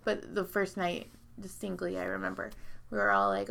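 A woman in casual chat, telling a long story full of fillers and swearing and jumping into high, loud voices when she quotes people. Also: level tone, normal speed, gravelly. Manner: rambling, profane, heavy filler words.

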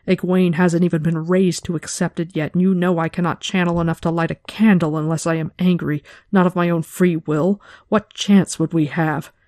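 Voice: medium pitch, steady tone, normal speed, a little mellow, no echo, clean studio sound, close to an everyday voice. A podcaster reading a novel aloud, voicing a blunt, stubborn woman healer who bites off her words. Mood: alarmed. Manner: clipped, biting.

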